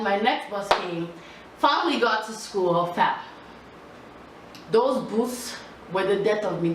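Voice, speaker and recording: A young woman vlogger telling a casual storytime in an animated, chatty way, full of slang and laughter. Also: mid-range voice. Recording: echoey room, distant mic, faint hiss.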